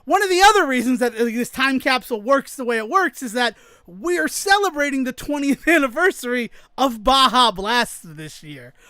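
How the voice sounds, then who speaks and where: A man with a very high voice tells a story in a relaxed podcast chat. He gets animated and acts out everyone's lines. The sound is dry and close. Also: normal speed, no room sound. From New England, United States. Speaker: podcast co-host.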